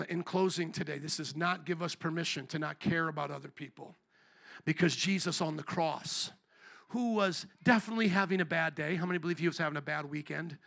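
Gravelly, high-voiced joking preacher. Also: male voice, brisk. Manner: animated, joking, calls on the congregation. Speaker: pastor. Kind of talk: sermon.

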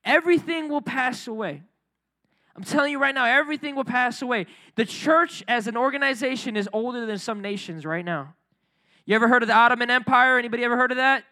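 Young man, youth preacher, very high voice, bright tone, casual energetic sermon. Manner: casual, energetic, rising to near shouting.

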